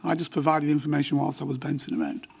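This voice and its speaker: A man's voice: on the high side, steady tone, very fast, creaky, husky. An older man, a former police officer, testifying at a formal hearing in a matter-of-fact way and explaining at length. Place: inquiry hearing room.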